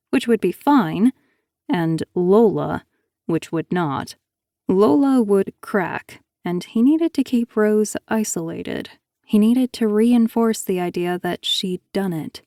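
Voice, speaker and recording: A woman narrating an audiobook thriller in a steady, even storytelling manner on a close mic. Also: mid-range voice, gravelly, no room sound.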